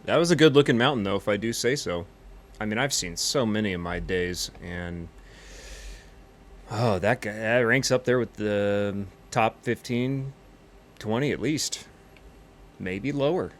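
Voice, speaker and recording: A man with a lowish voice rambling through an improvised comedy monologue as a pilot. He tells his story in a cocky, boastful, meandering way, full of bravado. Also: a little slow, pauses often, slight background noise. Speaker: comedic pilot character in a flight game stream.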